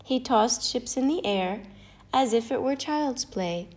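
A woman reads a children's fable aloud, slowly and expressively. Her voice sits a touch high and lilts with the story. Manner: expressive, lilting read-aloud. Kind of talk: storybook narration.

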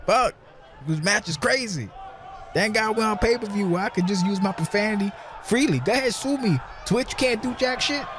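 Brash, high-voiced heckling color commentator man. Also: normal speed, a crowd in the background. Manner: profane, heckling, yells insults at the wrestlers. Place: commentary booth.

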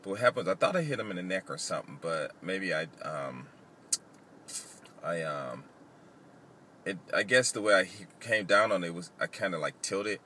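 Deep-voiced man rambling over traffic noise. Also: lively intonation, sharp tone. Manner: rambling, halting, lots of fillers. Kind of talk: casual storytelling.

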